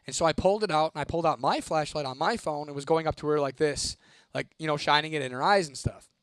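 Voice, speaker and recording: A young man tells his viewers a spooky story, swearing freely and keeping it lively. His voice sits a little high for a man, and the sound is dry and close with no room echo. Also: fast talker, clear, resonant tone. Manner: profane, animated, reads a viewer comment aloud. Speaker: host.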